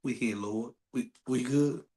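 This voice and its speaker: A man podcast co-host, reacting in a laid-back, halting way with lots of restarts. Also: mid-range voice, dark tone. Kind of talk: casual chat.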